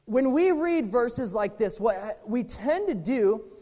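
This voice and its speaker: A young adult preacher giving a sermon, animated, acting out past prayers and thoughts. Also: medium pitch, slow pace. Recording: long reverb of a large hall.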